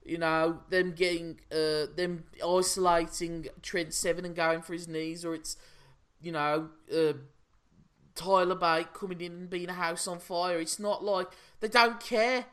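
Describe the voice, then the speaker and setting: A man's voice: high voice, level tone, a little slow, a bit bright, smooth. An opinionated, teasing man from England co-hosting a casual wrestling chat show, rambling through his points. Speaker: podcast co-host.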